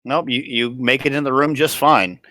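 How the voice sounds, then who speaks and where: A man running a tabletop game as dungeon master, describing scenes in a halting way with many restarts. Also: medium pitch, fairly even intonation, sharp tone, no room sound.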